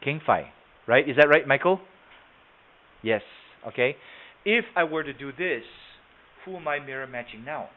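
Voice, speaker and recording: A man's voice: mid-range voice, lively intonation, normal speed, long pauses. A man leading a live sales training webinar on a video call, talking conversationally, quizzing the class and repeating himself. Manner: conversational, asks the class questions, repeats words. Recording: tinny phone-like audio.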